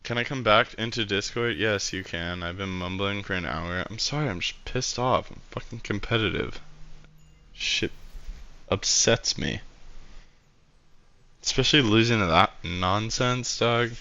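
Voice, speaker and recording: A man's voice: on the low side, unhurried, sharp tone, smooth, muffled recording. A young man streaming, reviewing a match replay in casual commentary, blunt and frustrated, swearing freely.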